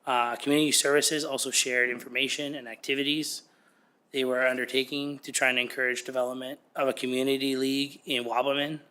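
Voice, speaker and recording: Slightly hoarse man with a flat, bright voice. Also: medium pitch, a little fast. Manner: steady, with frequent "uh" and "um". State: a little hoarse. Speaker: committee member presenting to council. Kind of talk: formal report at a council meeting.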